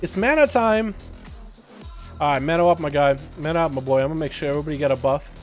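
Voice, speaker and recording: Over faint background music, a young male gaming streamer offers casual livestream commentary, laughing easily and swearing without a second thought. His voice is slightly high, he talks quickly, and his manner stays laid-back.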